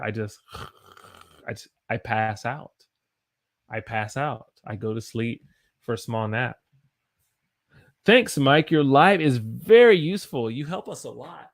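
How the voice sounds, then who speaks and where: A man with a General American accent leads a live English lesson at an unhurried, deliberate pace. His voice sits at an ordinary pitch and sounds dry and close, with no room around it. He patiently repeats each phrase so learners can say it back. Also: a bit bright, no room sound. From United States. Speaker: English teacher. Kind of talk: live-stream English lesson answering chat.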